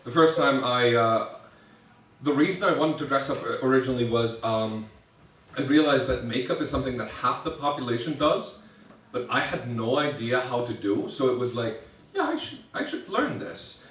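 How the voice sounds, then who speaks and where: A young adult man performs drag stand-up at a live show venue, telling chatty, self-mocking stories with lots of restarts and giggles. His voice is mid-range and a bit bright, at a moderate pace. The recording is echoey, with his voice picked up from some distance.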